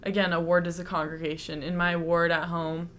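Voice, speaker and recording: This reaction video host, a woman from the United States, speaks in a lowish, fairly bright voice with a flat delivery and a slightly quick pace. Her casual commentary is chatty and explanatory, tinged with light sarcasm.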